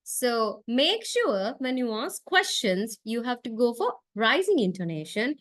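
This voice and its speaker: A woman teaches a university class in a fairly high voice, recorded dry with no room echo. She explains point by point, fills pauses with uh, and checks in with a questioning "right?". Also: big pitch swings. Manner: frequent uh fillers and tag question right?; explanatory, step by step. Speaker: university lecturer. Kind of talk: classroom lecture.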